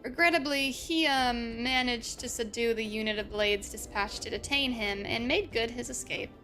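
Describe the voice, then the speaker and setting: A flustered male commander from a fantasy game speaks in stiff, old-fashioned phrasing, as a woman reads him aloud, fumbling his excuses with a bright, slightly high voice. Soft music plays underneath. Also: normal speed. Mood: evasive. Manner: formal old-fashioned speech, hesitant. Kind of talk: reading game dialogue aloud.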